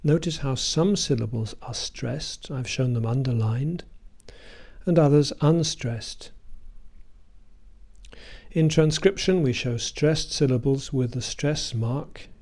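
A man giving a scripted pronunciation lesson, speaking carefully and deliberately with example sentences. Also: mid-range voice, gravelly, a little mellow. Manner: slow, careful, deliberate delivery with spoken examples. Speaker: pronunciation teacher. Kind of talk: scripted instructional narration.

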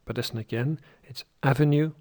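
A man teaching English word stress in a deliberate, carefully articulated way, modelling words for learners to repeat. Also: mid-range voice, a little mellow. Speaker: pronunciation teacher. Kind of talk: slow, clearly spoken pronunciation lesson.

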